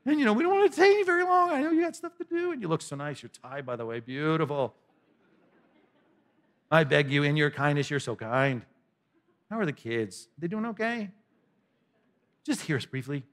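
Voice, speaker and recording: A man voicing a smooth-talking ancient court orator who flatters a governor with gushing, sarcastic praise. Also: fairly high pitch, normal speed, pauses often. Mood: fawning.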